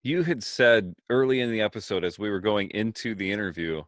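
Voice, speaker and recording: A man's voice: fairly low pitch, fairly quick, a bit bright, dry recording, studio quality. A man co-hosting a podcast in casual chat, telling stories and mimicking voices. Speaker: podcast co-host.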